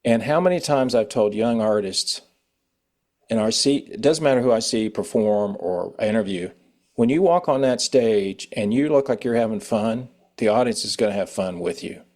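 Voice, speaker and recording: A man's voice: on the low side, lively intonation, moderate pace, darkish tone. A man hosting an interview, asking friendly questions and chatting encouragingly with his guest. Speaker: interview host. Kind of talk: casual interview chat.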